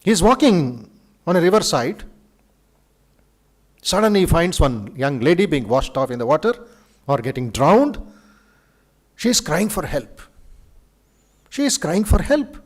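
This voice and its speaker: A monk with an Indian English accent giving a lively spiritual lecture to students in a university auditorium, telling stories with dramatic flair. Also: male voice, fairly high pitch, a little slow, pauses often. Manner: animated storyteller, acts out quoted speech, chuckles.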